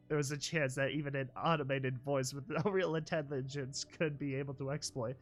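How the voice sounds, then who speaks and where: A man's voice: medium pitch, fairly quick, hardly any pauses, faint music behind. Man reading a story with joking asides. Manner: animated, joking asides, laughs mid-line. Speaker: reader and commentator. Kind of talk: reading fan fiction aloud with commentary.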